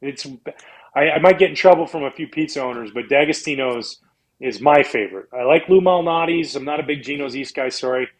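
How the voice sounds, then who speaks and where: Animated storytelling man from Canada. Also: fairly quick, poor audio. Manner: animated storyteller, acts out quotes in a high voice. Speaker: guest, former pitcher. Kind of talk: casual storytelling interview.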